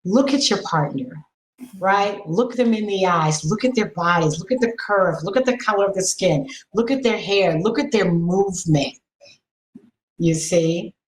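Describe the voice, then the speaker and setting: A middle-aged woman speaking as a podcast guest and sex educator, frank and animated, coaching listeners with a string of rhetorical questions. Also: mid-range voice, measured pace, reverberant, rough recording. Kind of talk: podcast conversation.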